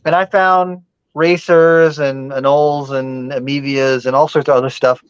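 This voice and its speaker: A man telling a story in casual podcast chat, animated, swearing freely and using many fillers. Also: mid-range voice, moderate pace, clear, resonant tone, dry recording, muffled recording.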